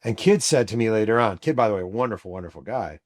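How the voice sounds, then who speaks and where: A middle-aged man, a show host and author, narrating a true story vividly and acting out the shouts of the people in it. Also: lowish voice, expressive, fast talker.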